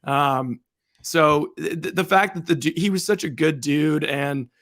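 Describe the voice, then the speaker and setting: Man, sports co-host, slightly scratchy voice, a bit high-pitched, animated, rambling. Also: a little slow. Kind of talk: casual sports talk show.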